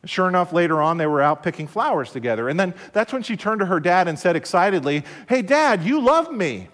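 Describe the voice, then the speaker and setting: A man preaching a broadcast sermon in a measured way, repeating key phrases and asking rhetorical questions. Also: on the high side, fairly bright tone, in a large hall. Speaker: pastor.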